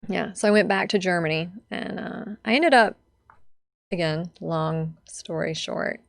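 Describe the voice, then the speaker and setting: A young woman talks as a guest in a relaxed interview, telling stories in a loose, chatty way. Her voice has a gravelly fry to it, and the recording is close and dry. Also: fairly low pitch, unhurried, no echo. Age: young adult. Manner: chatty storyteller, many fillers like "like" and "you know". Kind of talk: casual interview chat.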